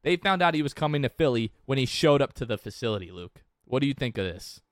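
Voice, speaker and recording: A man's voice: medium pitch, very animated, quick pace, no room sound. Chatty male sports podcast host. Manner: rambling, chatty, many restarts. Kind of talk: casual sports chat. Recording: dry close-mic sound.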